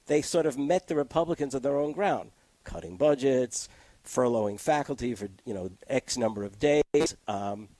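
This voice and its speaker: A political commentator appearing as a guest argues his case with energy in a casual political discussion, staying animated and quick to laugh. His voice is mid-range, recorded close to a studio mic with no room sound.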